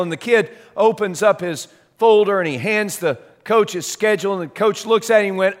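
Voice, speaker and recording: A man's voice: high voice, normal speed, few pauses. Dramatic storytelling preacher, a man. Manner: dramatic, shifts loud and soft, repeats words. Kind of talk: storytelling sermon.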